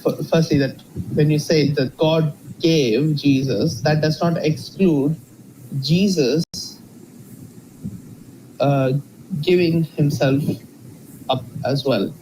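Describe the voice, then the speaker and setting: Slightly high-voiced man, noisy background. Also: fairly even intonation. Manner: measured, hesitant with fillers and restarts. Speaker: debate participant. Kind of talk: live debate argument. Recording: noticeable background noise.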